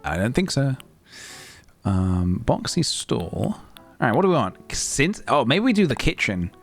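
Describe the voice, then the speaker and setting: Man, streamer, lively swooping voice, playful rambling, faint guitar music behind. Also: mid-range voice, a little slow, vocal fry. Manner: playful, rambling, with sing-song noises. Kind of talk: casual live-stream chat while playing a game.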